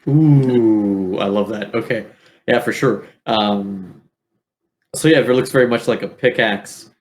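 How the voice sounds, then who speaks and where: A man's voice: on the low side, slow pace. A man narrating as game master of a tabletop game, laid-back and laughing, with many fillers.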